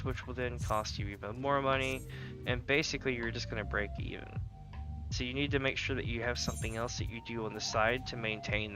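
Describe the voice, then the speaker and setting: A man streaming a game live, chatting casually and telling rambling stories with jokey asides. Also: mid-range voice. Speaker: gaming streamer. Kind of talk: casual livestream chat while gaming.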